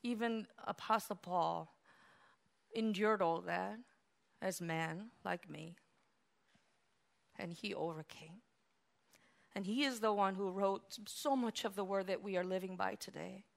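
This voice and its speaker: A woman pastor preaching a sermon, animated, swinging from hushed, quiet stretches to loud exclamations. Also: mid-range voice, unhurried, creaky, long pauses.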